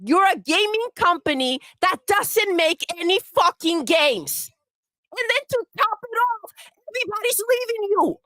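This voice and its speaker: A woman's voice: very high voice, sing-song, a little slow, bright, forceful tone, dry recording. A woman delivering a profane, scornful rant full of swearing. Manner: scornful, swearing, mocks with put-on voices. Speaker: livestream segment voice.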